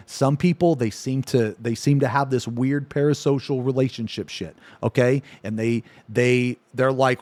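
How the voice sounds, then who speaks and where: A man's voice: medium pitch, fairly even intonation, normal speed, hardly any pauses, darkish tone, no echo. A man streaming live who rants at his chat, swearing constantly, frustrated and annoyed, repeating "man" at the ends of lines. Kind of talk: angry rant to live chat.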